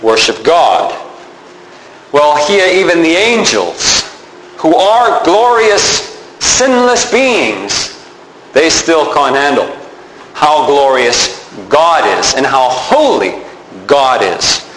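Guy giving a sermon, kinda high voice, chatty, echoey room w faint hum. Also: big pitch swings, slow pace, fairly bright tone. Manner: conversational, explains with repeated examples. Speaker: pastor.

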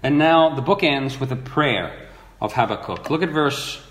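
A man's voice: medium pitch, animated, measured pace, a bit bright. Guy preaching a sermon, earnest, lots of questions to the crowd, roomy echo. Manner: earnest, rhetorical questions, reads scripture aloud. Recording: echoey room.

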